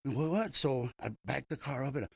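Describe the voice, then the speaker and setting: A man's voice: mid-range voice, animated, a little fast, creaky, breathy edge, dry recording, studio quality. An older man, a comedian being interviewed, telling long stories in a casual, rambling way with many restarts. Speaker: comedian guest.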